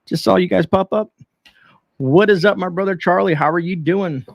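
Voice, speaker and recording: Host type: a man from Canada, raised voice pitch, gravelly, greets live chat by name, dry close sound. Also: normal speed, no echo, highs cut off. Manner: friendly, reads out viewer names.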